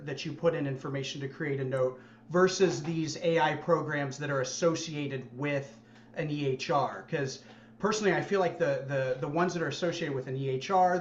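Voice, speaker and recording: A man's voice: a little high, roomy sound, highs cut off, a little hiss or hum. A man on a committee raising a concern in a thoughtful, careful way. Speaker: committee member. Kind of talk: meeting discussion.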